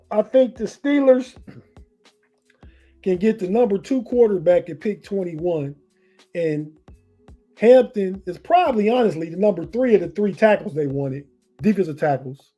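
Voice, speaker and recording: A man's voice: high-pitched, expressive, a little slow, long pauses, mellow, highs cut off, faint music behind. A man co-hosting a live sports podcast in a rambling, casual way, often restarting his sentences. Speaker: podcast co-host.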